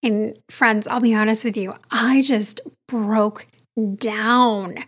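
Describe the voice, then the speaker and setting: A high-voiced woman in her thirties hosts her own podcast alone. She speaks candidly and chattily, straight to her listeners, as if confiding in friends. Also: fairly even intonation, slow pace, breathy edge. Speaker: podcast host. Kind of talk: solo podcast monologue.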